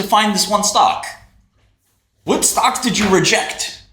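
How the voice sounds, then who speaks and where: A man's voice: high-pitched, big pitch swings, a little slow, music in the background. A man hosting a casual livestream, ranting in a brash, profane, mocking way. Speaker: livestream host. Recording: roomy echo, faint typing.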